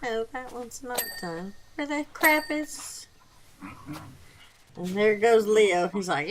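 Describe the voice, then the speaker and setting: A woman's voice: a little high, slow pace, pauses often, slight background noise, rough recording. A woman hosting a gaming channel, rambling through a casual story while she plays and laughing often. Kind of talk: casual chat while playing.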